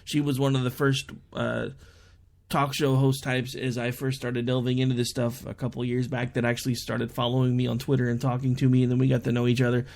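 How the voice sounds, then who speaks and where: A man's voice: mid-range voice, completely flat delivery, fairly quick, vocal fry, darkish tone. A young adult man hosting an online talk show, chatting through a casual monologue and telling stories in which he quotes people in raised voices.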